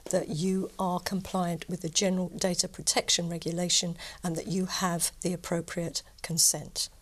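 A woman's voice: fairly low pitch, little pitch movement, moderate pace, fairly bright tone. A woman lawyer and guest in a TV studio, answering interview questions in a firm, precise way.

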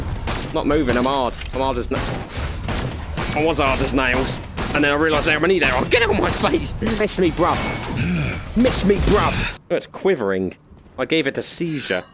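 A young gaming YouTuber with a mid-range voice narrates a let's-play, joking around and yelping and laughing at the scares. His commentary is excited, and there's background noise in the recording.

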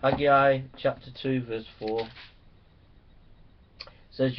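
A man's voice: mid-range voice, steady tone, takes it slowly, long pauses. A man preaching a sermon to pastors, reading scripture and urging them on with fervent, rising exhortation. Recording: dull lo-fi recording.

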